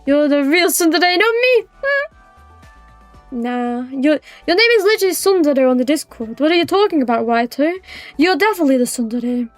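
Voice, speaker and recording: A woman's voice: sits high, lively intonation, fairly quick, no echo, soft background music. A young British woman livestreaming, chatting with viewers in a rambling, teasing way and laughing easily. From Britain. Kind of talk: casual chat with live viewers.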